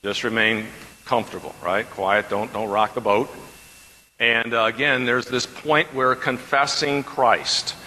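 A man's voice: medium pitch, steady tone, measured pace, bright, forceful tone, long reverb tail, a little hiss or hum, rough recording. A man teaching a Bible class as a pastor, talking conversationally and repeating questions from the class.

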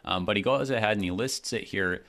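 A man co-hosting a Bible discussion, talking casually and acting out the people in the text with lively quoted voices. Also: on the low side, brisk. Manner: animated, acts out quotes, many restarts. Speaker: Bible study podcast co-host. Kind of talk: conversational Bible teaching.

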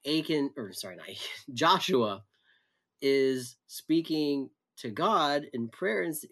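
A man's voice: medium pitch, normal speed, a bit bright. A man in a conversational Bible study, reflective and thinking aloud with frequent restarts. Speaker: pastor.

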